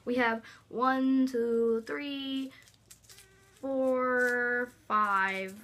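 High-voiced young woman, playful vlogger. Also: steady tone, very slow, a bit bright. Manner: giggly, bossy, playful. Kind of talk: casual comedy vlog.

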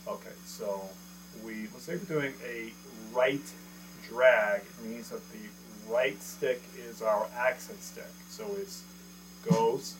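A medium-pitched man counts beats during a casual video drum lesson, recorded with poor audio on a camera mic. As the drum teacher, he explains step by step, counts aloud, and checks in with "okay?", in an indoor room with an electronic drum kit.

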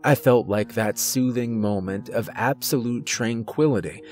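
A man reading a horror story aloud as scripted narration, in a measured storytelling manner. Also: mid-range voice, a little mellow, soft background music.

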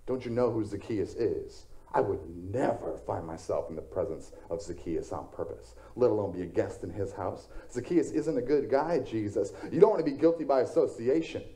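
A man's voice: on the low side, animated, moderate pace, few pauses, warm tone, low-quality recording. A male pastor voicing an indignant crowd of judgmental townspeople, scolding and incredulous.

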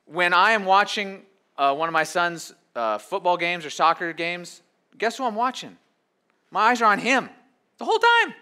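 Bright-voiced man preaching conversationally. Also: high voice, big pitch swings, clear, resonant tone. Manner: conversational preaching with quick acted asides. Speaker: pastor. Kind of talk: sermon.

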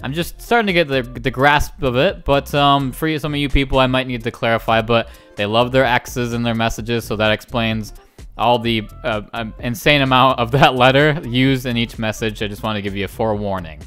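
Smooth-voiced joking young man. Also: medium pitch, fairly even intonation, moderate pace, fairly bright tone, faint music behind. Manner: joking, laughs often, loose and rambling. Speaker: YouTube host. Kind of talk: casual reaction commentary.

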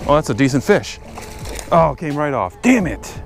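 A man's voice: on the high side, animated, moderate pace, creaky, music in the background. A man talking casually to viewers while working on his car and fishing at a lake, chatty and easily frustrated. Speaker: fishing vlogger. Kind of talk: casual vlog narration. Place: outdoors by a lake.

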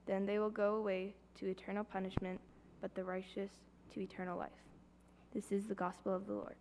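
Scripture reader, woman, flat delivery, gravelly, faint hum behind. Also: medium pitch, brisk. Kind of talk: reading scripture aloud in church.

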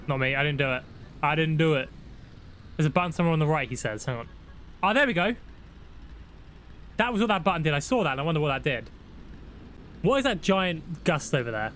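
A young man giving excitable, laddish commentary on a road trip game with friends. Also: on the high side, brisk, pauses often, slight background noise. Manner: excitable, shouts when startled, laddish banter. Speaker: gaming YouTuber. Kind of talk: casual gameplay commentary.

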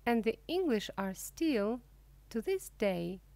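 Female reader for a learner audiobook: slightly high voice, very measured pace, clear articulation. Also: sing-song, mellow, no room sound. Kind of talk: slow scripted reading for language learners.

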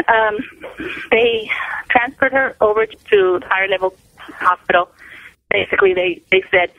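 Middle-aged woman, gravelly voice on a tinny phone line. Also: medium pitch, dry recording. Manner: rambling, restarts sentences, acts out quotes. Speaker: interview guest, mother. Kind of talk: telling a family story over the phone. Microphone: telephone.

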